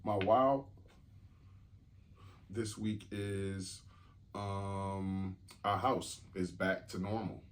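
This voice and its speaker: A man co-hosting a podcast in casual chat, laid-back and candid, joking often and filling pauses with "um". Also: deep voice, steady tone. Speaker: podcast co-host.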